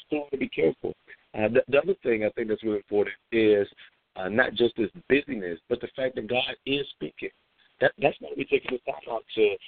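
A man's voice: on the low side, no echo. A man hosting a conversational devotional talk, telling a story with lots of fillers and repeats. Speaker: devotional host. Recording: phone-like dry recording.

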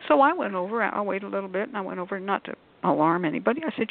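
A woman on a call-in show panel telling an animated story, acting out quotes and using many fillers. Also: mid-range voice, racing, creaky, few pauses. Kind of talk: casual storytelling. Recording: tinny phone-like line.

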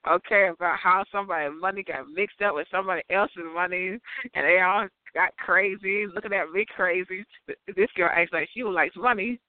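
A man rambling through a casual monologue, giggling often and breaking into high laughs. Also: dry recording. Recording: tinny phone-like sound.

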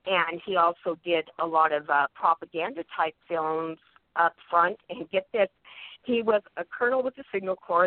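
A woman telling a story as a guest on talk radio, lively and acting out the people she quotes. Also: low voice, no echo. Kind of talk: animated anecdote on talk radio. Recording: tinny phone line, dry.

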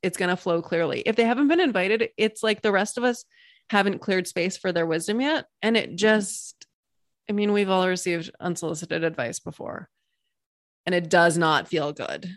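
A woman's voice: fairly low pitch, normal speed, no echo, studio quality. A woman coach appearing as a guest in an interview, explaining her ideas in an enthusiastic way with vivid examples and little stories. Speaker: Human Design coach, guest.

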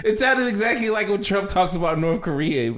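A man's voice: high-pitched, expressive, brisk, noisy background. A man co-hosting a podcast, teasing his co-host in casual banter and laughing as he talks.

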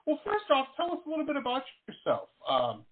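A man's voice: extremely high pitch, wildly swooping pitch, fast talker, a loud crowd. A man hosting a casual radio talk show interview, enthusiastic and rambling with lots of fillers. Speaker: host. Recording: phone-like radio talk line.

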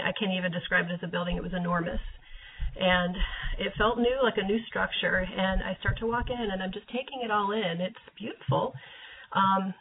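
A woman's voice: mid-range voice, a little hiss or hum. A woman telling an emotional personal testimony about a dream, at times dropping to a whisper. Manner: emotional, breathy, drops to whispers. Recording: tinny phone-like audio.

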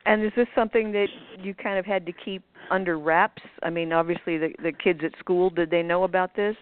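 A woman's voice: fairly low pitch, fairly even intonation, fairly quick, clean tone, dry recording. A woman hosting a radio call-in show, chatting casually and hesitantly with many ums. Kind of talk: casual on-air chat. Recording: tinny phone line with faint hiss.

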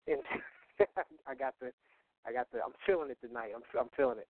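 A man's voice: on the high side, brisk, long pauses, dry recording. A man co-hosting a talk radio show, rambling through plugs with lots of fillers, chuckles and restarts. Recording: tinny phone-line sound.

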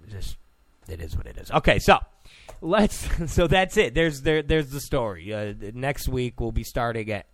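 Young male host, loose sarcastic monologue, animated swings in pitch, dry close sound. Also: no echo. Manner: loose, rambling, sarcastic, with many fillers. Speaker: show host. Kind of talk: casual political talk show monologue.

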